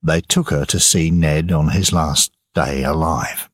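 Deep slow husky male narrator. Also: dry recording, studio quality. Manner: slow, measured reading for learners. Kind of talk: scripted audiobook narration.

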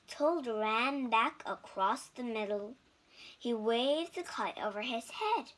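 A woman reading a children's picture book aloud slowly and carefully, with small restarts, then teaching and spelling out vocabulary words. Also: fairly high pitch, animated, a bit bright. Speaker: storybook reader and English teacher. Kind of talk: children's storybook read-aloud.

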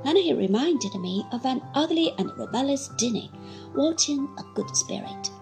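A woman reading a classic novel aloud as an audiobook, with an expressive, varied delivery. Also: sits high, normal speed. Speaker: audiobook reader. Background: soft background music.

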